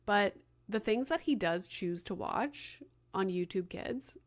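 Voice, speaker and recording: A woman's voice: medium pitch, lively intonation, slow. A woman in her thirties with a mid-range voice talks through her day as a podcast host. She is chatty and loose, leans on filler words, and slips into the voices of people in her story. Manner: chatty, many "like" fillers, acts out quoted dialogue. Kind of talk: casual solo storytelling.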